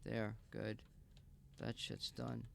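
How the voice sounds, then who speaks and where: A man's voice: fairly low pitch, little pitch movement, slow pace, creaky, slight background noise. A man streaming a game live, muttering and swearing in frustration to himself. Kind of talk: live gameplay stream talk.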